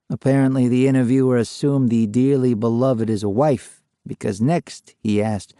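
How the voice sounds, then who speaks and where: Male storyteller, measured and unhurried, mid-pitched voice, dry sound. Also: steady tone, mellow, no room sound. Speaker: narrator. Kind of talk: scripted ghost story narration.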